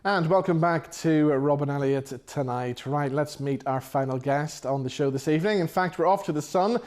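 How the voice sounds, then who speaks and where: Male chat-show host, slightly higher voice, friendly interviewer. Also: normal speed, darkish tone, no room sound. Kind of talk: broadcast interview.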